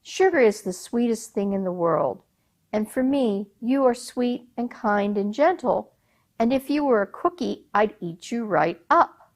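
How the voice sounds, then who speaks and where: A playful, sugary young princess who coos sweet words to her father, as a woman storyteller puts her on. She sounds bright and teasing, and her voice swoops widely. She is a character in a told folk tale. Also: a little high, lively intonation, unhurried. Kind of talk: oral storytelling.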